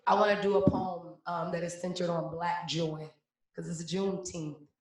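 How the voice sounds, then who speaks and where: A young woman from Cleveland, Ohio performing spoken-word poetry live, with a rhythmic, punchy delivery and loud emphatic refrains. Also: fairly low pitch, level tone, moderate pace. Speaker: slam poet. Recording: very echoey room, voice from a distance.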